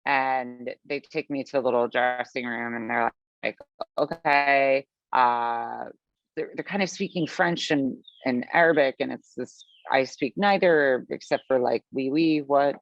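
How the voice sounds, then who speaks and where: Creaky woman telling a story. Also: a bass voice, measured pace. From US Midwest. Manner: animated, chatty, filler-heavy, acts out her own past lines. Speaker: podcast guest, business founder. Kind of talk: storytelling in conversation. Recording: dull, lo-fi, dry sound.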